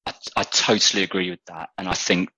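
A man's voice: low voice, level tone, quick pace, bright, forceful tone, a little hiss or hum, poor audio. A British man, a guest in a casual interview, talking thoughtfully with frequent restarts. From Britain.

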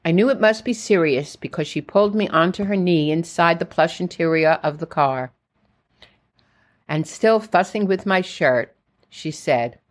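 A woman narrating her own memoir in a steady storytelling voice. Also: on the low side, a little slow. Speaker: memoir reader.

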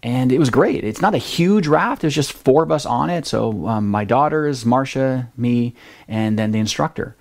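A middle-aged man preaching a sermon, telling a family story in a conversational way that grows lively at the dramatic moments. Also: mid-range voice, moderate pace, creaky. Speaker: pastor.

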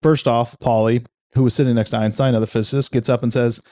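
A man's voice: mid-range voice, level tone, fast talker, mellow. A man casually reviewing a book, reflective and conversational, often restarting his sentences.

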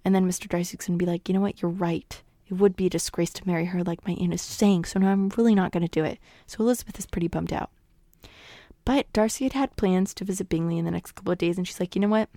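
A woman's voice: on the low side, quick pace, mellow, no echo, clean studio sound. A young woman casually retelling a novel's plot, playfully acting out the characters' lines and laughing often. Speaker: guest summarizing a novel.

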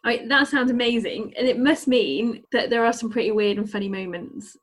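A woman's voice: a little high, normal speed. Friendly woman host asking questions. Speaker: interviewer host. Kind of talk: casual interview.

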